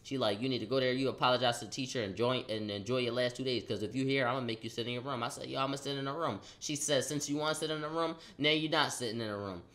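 A young man casually telling a story in slang, acting out the quotes loudly. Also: mid-range voice, quick pace, hardly any pauses. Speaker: vlogger.

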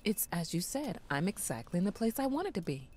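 A brisk, dismissive mother on the phone. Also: lowish voice, big pitch swings, darkish tone, slight background noise. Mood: brushing off. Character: distracted woman, artist mother on phone. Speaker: game character.

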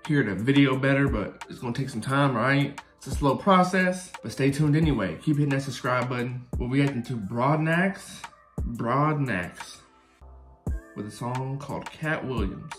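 A hyped, chatty man hosting a reaction video and speaking straight to his viewers at a middling pitch. His voice rings in an echoey room, with faint music behind him. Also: moderate pace, a bit bright. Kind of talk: casual reaction commentary.

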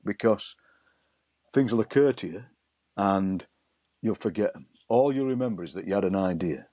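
A middle-aged man, a poet being interviewed, telling lively anecdotes and acting out voices he overheard. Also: on the low side, slightly rough, no echo. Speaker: poet and broadcaster, guest. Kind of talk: interview storytelling. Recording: dull lo-fi dry sound.

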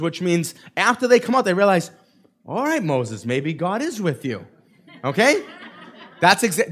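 A man with a notably high voice, preaching to his congregation with lively energy. He slips into the voices of the people in his story and keeps asking okay and right. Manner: animated, acts out quoted voices of the crowd. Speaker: pastor. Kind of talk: sermon.

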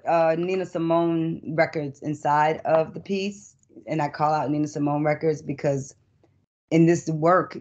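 A middle-aged woman poet who performs spoken-word poetry and talks about her work in an expressive, emphatic way. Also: low voice. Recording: dull lo-fi recording.

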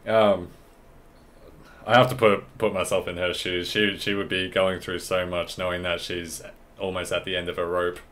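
A man with a low voice talks his way through a horror game playthrough. His commentary is casual and chatty, thinking out loud as he goes. A faint hiss sits behind him. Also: completely flat delivery, normal speed. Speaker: gaming channel host. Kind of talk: let's play commentary.

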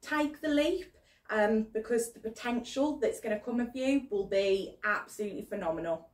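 A woman's voice: a little high, moderate pace, reverberant, far from the mic. A woman giving an encouraging tarot reading as a guest, with frequent ums. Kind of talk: casual spoken tarot reading.

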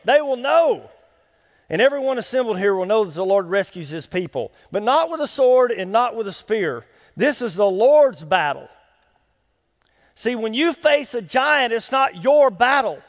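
A man with a fairly high voice preaches from the pulpit of a church sanctuary, and his words ring out with a long hall reverb. He tells the story in a lively, folksy way, jumps into the lines of the characters, and keeps calling out to the congregation. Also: normal speed. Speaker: associate pastor. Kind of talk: sermon.

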